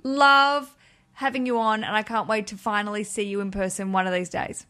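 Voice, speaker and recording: A woman's voice: mid-range voice, steady tone, moderate pace, pushed and bright. Woman host, casual podcast chat, bubbly and chatty, mid-range voice. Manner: chatty and bubbly, laughs often.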